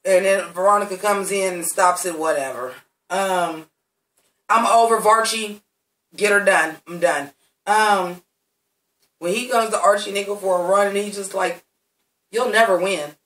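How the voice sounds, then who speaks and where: A man with a bright, sharp-edged voice tears through a TV episode recap, cursing freely and speaking straight to his audience. He sits back from the mic, and the room around him rings with echo. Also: high-pitched, unhurried, distant mic. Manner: blunt and heavily cursing, talks straight to viewers. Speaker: TV recap reviewer. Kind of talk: profane, sassy episode recap.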